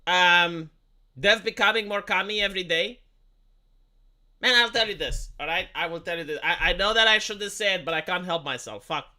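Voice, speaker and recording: A man's voice: high voice, moderate pace, pushed and bright. A man live streaming a heated, profane political rant. He stammers and repeats words and fires off rhetorical questions. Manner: argumentative, asks rhetorical questions.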